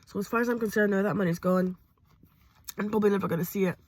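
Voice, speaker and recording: A woman talking hesitantly to camera from a parked car, pausing often with ums. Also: medium pitch, no room sound. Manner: hesitant, with frequent ums and pauses. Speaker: vlogger. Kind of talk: personal confessional vlog.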